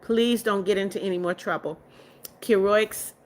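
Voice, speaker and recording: A woman's voice: mid-range voice, fairly even intonation, normal speed. Friendly woman hosting a live chat. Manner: friendly, repeats greetings to viewers. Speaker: livestream host. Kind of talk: casual live chat, reading viewer comments aloud.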